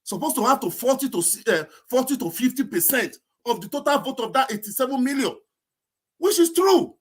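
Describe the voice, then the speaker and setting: A man with a Nigerian accent, talking excitedly and rambling on an online group call, slipping into pidgin. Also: extremely high pitch, fast talker, husky. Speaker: call-in participant. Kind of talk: casual online group discussion.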